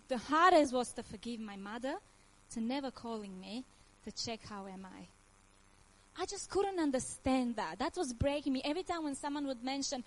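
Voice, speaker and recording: A high-voiced woman in her thirties speaks with a Croatian accent, giving her personal faith testimony. Her English is nonnative and earnest, and laughter breaks in often as she speaks with feeling. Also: poor audio.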